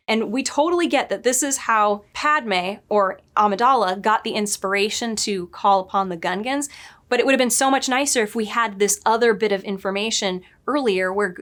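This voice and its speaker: A woman's voice: medium pitch, fairly bright tone. Middle-aged woman, story editor, casual to-camera commentary, self-correcting, light laughs.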